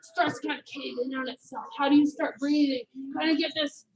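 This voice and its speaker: A woman's voice: high-pitched, fairly even intonation, brisk. A woman instructor teaching a children's karate class in a commanding way, calling for the class to answer back. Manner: commanding, calls for "yes, ma'am" replies. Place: martial arts studio. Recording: noisy studio background.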